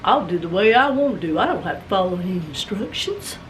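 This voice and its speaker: A woman voicing her stubborn husband in a lowered, gruff voice, heard from a distance. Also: big pitch swings, a little fast, a little hiss or hum. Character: stubborn husband ignoring instructions, then panicking.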